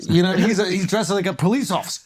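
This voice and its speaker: New guy, slightly high voice, cracking up telling a funny story. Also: fast, background noise. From New York. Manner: animated, laughing mid-story. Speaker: podcast co-host. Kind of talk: comedic storytelling.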